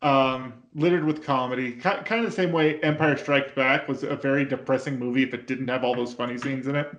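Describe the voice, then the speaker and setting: A man's voice: mid-range voice, brisk, muffled recording. Man with roomy echo, restarting sentences. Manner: stammering restarts, animated when quoting. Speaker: podcast co-host. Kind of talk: casual anime review chat.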